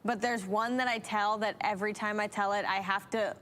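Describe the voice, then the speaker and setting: A woman's voice: mid-range voice, fairly even intonation, fairly quick, fairly bright tone, slight background noise. A woman co-hosting a casual church show, chatting easily and reacting to her co-host's joke. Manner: easygoing listener, chatty and laughing along. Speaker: co-host. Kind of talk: casual chat.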